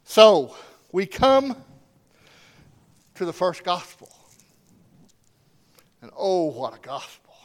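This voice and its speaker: A man preaching a sermon with strong emphasis, swinging between loud declarations and hushed asides. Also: high-pitched, big pitch swings, takes it slowly, long pauses.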